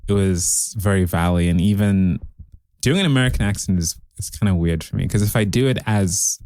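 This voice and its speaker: A man's voice: deep voice, fairly quick, darkish tone, no echo. A man from Zimbabwe, a guest on a comedy podcast, chatting playfully and joking around. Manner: playful, jumps into silly voices. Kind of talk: casual comedy podcast chat.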